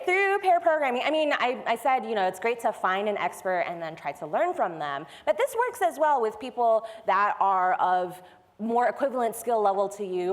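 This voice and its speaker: Woman speaking in a reverberant hall. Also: mid-range voice. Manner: conversational, explains step by step. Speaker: conference speaker. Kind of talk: technical conference talk. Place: large conference hall.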